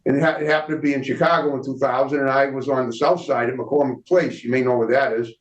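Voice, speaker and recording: Fast-talking host in a roomy, distant recording. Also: male voice, medium pitch, fairly even intonation. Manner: rambling, repeats words while asking questions. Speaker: interview host. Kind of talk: casual interview chat. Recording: roomy, distant, dull audio.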